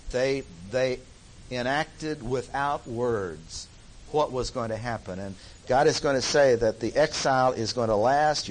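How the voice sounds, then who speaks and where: Man, bible study lecture, emphatic, repeats phrases for stress, mid-pitched voice, faint background hiss. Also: poor audio. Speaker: Bible teacher.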